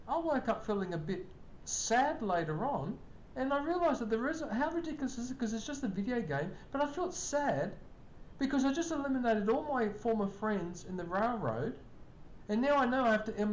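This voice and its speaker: Here an older streamer keeps up easygoing chat with people watching live, welcoming them by name. A faint rumble and an echoey room color the recording.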